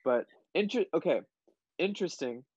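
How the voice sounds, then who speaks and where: A man's voice: fairly high pitch, expressive, moderate pace, darkish tone, breathy edge, no echo. A tipsy man rambling about a movie in casual chat, backtracking and correcting himself. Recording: dry dull lo-fi mic.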